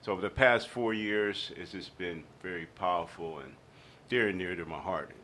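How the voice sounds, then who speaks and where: A man's voice: deep voice, normal speed, a little hiss or hum. A man being interviewed on a radio show, telling personal stories and acting out the people in them. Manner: animated storyteller, acts out quotes. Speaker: guest.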